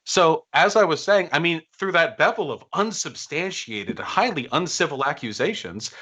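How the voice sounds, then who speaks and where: A man joining a live-stream debate by call as guest, sarcastic and mocking in a calm, needling way. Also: fairly high pitch, moderate pace, husky. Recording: dull lo-fi call audio.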